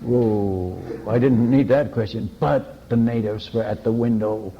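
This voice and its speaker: A man preaching as a missionary, telling stories in an animated way, chuckling and restarting often. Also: on the low side, measured pace, highs cut off, a little hiss or hum. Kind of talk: anecdotal sermon storytelling.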